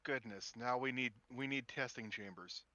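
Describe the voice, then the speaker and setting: A man's voice: medium pitch, normal speed, pushed and bright, highs cut off. A man making wry quips while playing a multiplayer game. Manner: wry, quipping.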